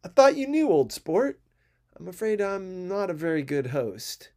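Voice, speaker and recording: A man's voice: sits high, sing-song, unhurried, dark tone, pitched above the performer's own voice, full character voice. A man reading aloud, voicing a polished young wealthy man who speaks with elaborate, careful formality. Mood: apologetic.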